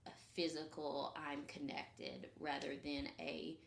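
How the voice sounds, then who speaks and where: Lower-voiced woman chatting in an echoey room. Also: monotone, measured pace, hardly any pauses, a little hiss or hum. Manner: rambling, lots of "like" and "um", drops to soft breathy asides. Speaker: podcast co-host. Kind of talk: casual chat about spiritual practice.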